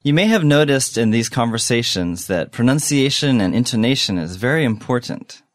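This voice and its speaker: A man co-hosting a scripted English lesson, speaking clearly and deliberately as he models example phrases. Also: medium pitch, expressive, no echo, studio quality. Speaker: English teacher.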